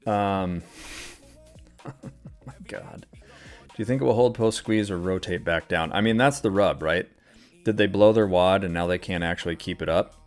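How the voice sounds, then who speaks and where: Speaking at normal speed with frequent pauses, a low-pitched man hosts a live trading stream as faint music plays. His market commentary is casual and filler-heavy, punctuated by exasperated, swear-filled ranting.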